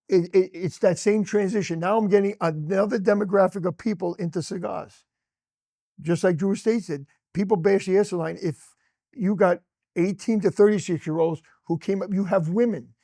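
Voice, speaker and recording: Man, middle-aged, lounge manager, animated storyteller, warm tone, dry close sound. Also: high voice, a little fast, gravelly, no room sound. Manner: animated storyteller acting out quoted dialogue. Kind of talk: casual interview conversation.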